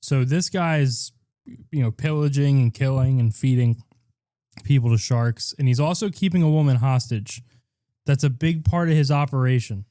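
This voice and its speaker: Male co-host, dark mellow voice, dry close mic, rambling profane storyteller. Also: mid-range voice, moderate pace, no room sound. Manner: rambling, profane, animated retelling with quoted voices. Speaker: podcast co-host. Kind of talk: casual crude storytelling chat.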